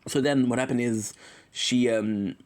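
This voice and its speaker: A man's voice: medium pitch, steady tone, measured pace, a little mellow. Rambling man confessing on a livestream. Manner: rambling, emotional, often corrects himself.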